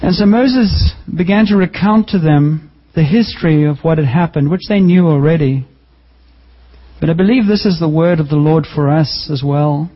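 A man preaches to his church in a husky, slightly raised voice. He jokes and jumps upward in pitch to drive points home. The recording is dull and lo-fi. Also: normal speed. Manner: lively, joking preaching with sudden pitch jumps. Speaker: pastor. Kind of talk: sermon.

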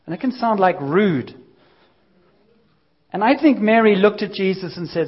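A man gives a conversational sermon and lets his voice rise and fall as he acts out the lines of the story. His voice sits somewhat high. The recording sounds muffled and lo-fi. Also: moderate pace, slightly rough. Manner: lively, conversational storytelling with acted-out quotes. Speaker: preacher.

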